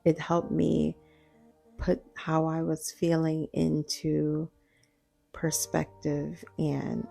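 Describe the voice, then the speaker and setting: Female podcast host, 40s: hushed, reflective late-night talk, dark mellow tone, unhurried. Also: low-pitched, completely flat delivery, creaky, soft background music. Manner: hushed, half-whispering, slow and reflective. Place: home at night.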